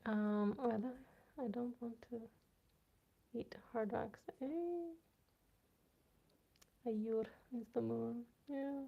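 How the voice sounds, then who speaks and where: A woman's voice: on the high side, fairly even intonation, slow, gravelly, pauses often, dark tone. A woman hosting a casual livestream, playfully chatting with viewers and reading their comments aloud. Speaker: livestream host. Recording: dull lo-fi stream audio.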